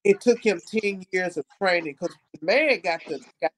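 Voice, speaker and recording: A man hosting a casual film discussion, animated and repeating phrases for emphasis. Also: high-pitched, normal speed, a little hiss or hum, poor audio. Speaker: podcast host.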